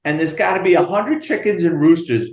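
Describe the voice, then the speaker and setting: A retired police detective, telling profane, animated stories in an interview. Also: male voice, on the high side, brisk, echoey room. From United States. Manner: animated, profane storyteller acting out dialogue. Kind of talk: storytelling interview.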